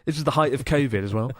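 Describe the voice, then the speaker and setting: A man's voice: medium pitch, fairly bright tone, breathy edge, no echo, clean studio sound. A man co-hosting a casual podcast, reading out listener emails and chatting enthusiastically, swearing casually now and then.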